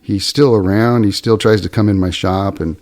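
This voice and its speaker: A man's voice: on the low side, steady tone, normal speed, darkish tone. A middle-aged man who owns a fly shop, casually telling rambling stories full of fillers and restarts, briefly raising his voice to act out what people said. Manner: rambling, filler-heavy, acts out quoted lines in a raised voice. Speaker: fly shop owner and podcast host. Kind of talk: casual storytelling.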